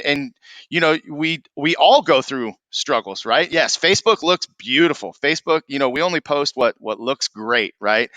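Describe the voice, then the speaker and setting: A man's voice: on the high side, sharp tone, no echo. A man hosting a podcast interview, chatting casually and checking in with "right?" as he sets up questions. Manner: conversational, ends points with "right?". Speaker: podcast host.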